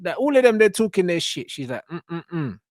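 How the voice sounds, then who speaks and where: A young man ranting in reaction commentary, blunt and full of street slang and swearing. His voice sits a little high. The sound is dry and close. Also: big pitch swings, quick pace, dry recording. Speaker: reaction channel host.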